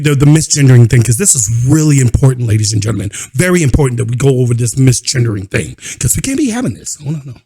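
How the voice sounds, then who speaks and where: A man hosting a reaction video, giving sarcastic commentary with mock-outraged shouting and laughter. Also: on the high side.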